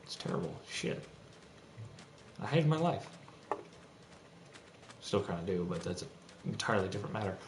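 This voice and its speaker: A man's voice: on the low side, animated, fairly quick, long pauses. Profane young man ranting in an echoey room. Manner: agitated, profane, rambling with restarts. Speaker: streamer. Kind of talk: ranting monologue. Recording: echoey room, faint background noise.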